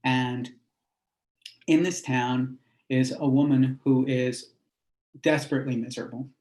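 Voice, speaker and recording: A man's voice: medium pitch, steady tone, unhurried, a little mellow. A man, a rabbi, telling a teaching story in a conversational way with fillers and asides. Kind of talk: storytelling lesson.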